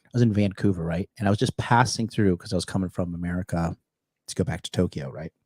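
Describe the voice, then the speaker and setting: A man co-hosting a casual podcast, telling a story with lots of swearing and animated retelling. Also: low-pitched, fast, slightly rough, no echo, studio quality. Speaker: podcast co-host. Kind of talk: casual chat.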